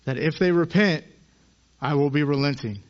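A man in his thirties preaching with earnest conviction, his voice a little higher than most men's. He lifts his voice to act out the people in the stories. The recording is dull and muffled. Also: normal speed. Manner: earnest, acts out quoted voices with rising emphasis. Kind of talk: sermon.

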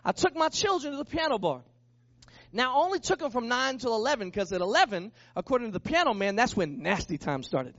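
Pastor guy telling a story in a sermon, high voice, animated, kinda dull dry recording. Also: a little fast, no echo. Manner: animated, acts out the people in his story.

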